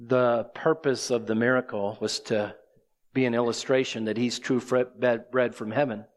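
A man's voice: medium pitch, level tone, moderate pace. Man, preacher, sermon, explains scripture verse by verse, rhetorical questions. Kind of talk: expository sermon.

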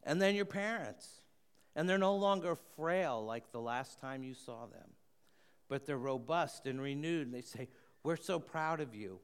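A man preaching a sermon, earnest, often slowing and dropping to a hushed voice for emphasis. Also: medium pitch, lively intonation, smooth. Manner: earnest, slows and softens for emphasis. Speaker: pastor.

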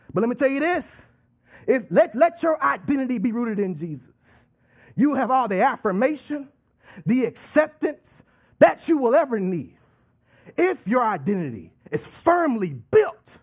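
A man preaching a sermon with emphatic, drawn-out delivery and call-and-response asides. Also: very high-pitched, breathy edge.

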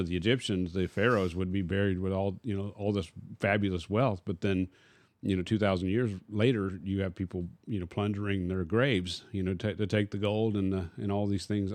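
A man's voice: sits low, a little mellow, dry recording. A man, a pastor, teaching casually in a discussion and posing rhetorical questions to his listener.

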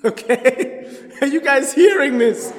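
A man's voice: very high voice, lively intonation, slow. A man leading an interactive Bible study, chatty, laughing often and quizzing the group. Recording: echoey hall.

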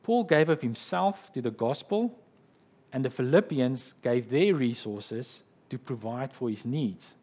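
Man, pastor, sermon, husky voice, mid pitch, explanatory, checks in with the listeners. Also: animated, measured pace, a little mellow. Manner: explanatory, with frequent "okay" and "right".

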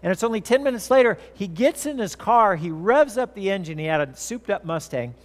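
A man in his fifties preaching a sermon as pastor, telling stories in a lively way with playful asides. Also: sits high, a little fast. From California. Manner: storytelling, animated, with playful kid-voice asides. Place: church sanctuary. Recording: long church-hall reverb.

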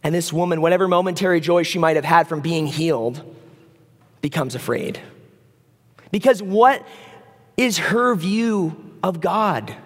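A man preaching a sermon in a conversational, animated way, acting out the voices of the people in the story. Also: high-pitched. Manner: conversational, animated, acts out voices of biblical figures. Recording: long reverb of a hall.

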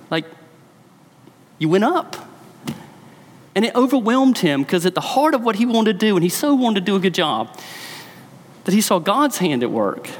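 A man's voice: sits high, big-room sound. A man, a pastor, preaching a sermon in a church, telling the story with emphasis.

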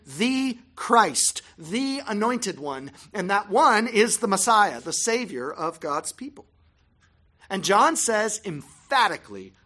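Bright clear voice, bible teacher reading a scripted lesson, measured pauses. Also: mid-range voice.

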